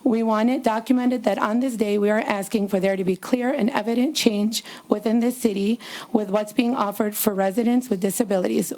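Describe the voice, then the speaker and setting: A woman reads a prepared statement to a city council in a measured, formal way. Her voice is mellow and rather dark. Her pitch sits in the middle of the usual range. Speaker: public commenter, nonprofit co-founder. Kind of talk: prepared public comment read aloud.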